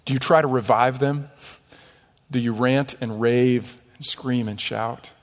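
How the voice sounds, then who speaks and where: A man preaching a sermon in a church, animated, with mocking asides and rhetorical questions. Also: medium pitch, unhurried, long reverb tail. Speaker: pastor. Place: church sanctuary.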